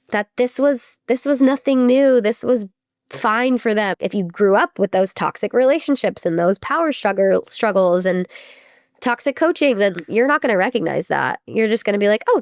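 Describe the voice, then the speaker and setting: A woman's voice: medium pitch, no room sound, clean studio sound. A young adult woman, a former college gymnast, telling her story in a casual interview, chatty and full of filler words, acting out what others said. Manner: chatty, many "like" fillers, acts out quoted speech.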